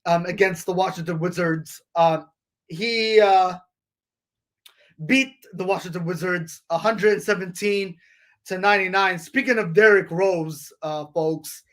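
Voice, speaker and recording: A man hosts his own sports podcast in a high, light voice. He talks loosely and rambles, filling gaps with ums and uhs and restarting sentences as he runs through games and scores. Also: measured pace. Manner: rambling, frequent fillers and restarts; addresses listeners as folks, ladies and gentlemen. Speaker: podcast host.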